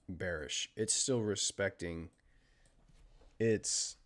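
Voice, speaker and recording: An American man hosting a live trading stream, chatting casually and talking through market moves, with fillers and trailing pauses. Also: deep voice. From United States. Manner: steady technical market commentary. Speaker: trading livestream host.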